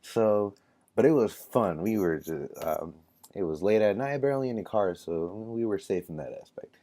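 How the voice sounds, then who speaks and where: A man's voice: fairly low pitch, animated, moderate pace, warm tone. A young man telling a rambling, casual story to camera, full of fillers and self-corrections. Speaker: vlogger.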